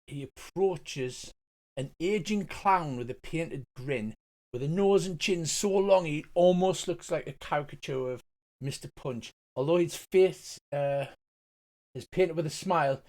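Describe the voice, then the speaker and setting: A man's voice: on the high side, unhurried. Hesitant man narrating a game. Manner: hesitant, lots of ums. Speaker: game master.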